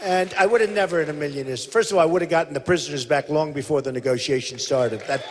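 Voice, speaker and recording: Male candidate, emphatic rally delivery, slightly high voice, theater reverb. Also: fast talker, slight background noise. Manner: emphatic, repetitive, boastful, quotes others in a mimicking voice. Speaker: presidential candidate speaking at a rally. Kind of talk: rally speech in conversation onstage. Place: large theater hall.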